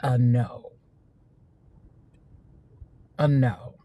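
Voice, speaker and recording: A woman, talking in a casual opinion monologue, animated, laughing often and repeating herself for emphasis. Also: very deep voice, drawn-out words. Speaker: social media host.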